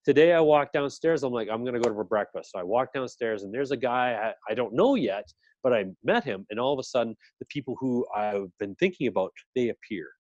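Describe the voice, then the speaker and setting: A man's voice: medium pitch, brisk, few pauses, no echo, dull audio. A middle-aged man in casual chat, telling a story and acting out the voices of people in it. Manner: animated storyteller acting out quotes.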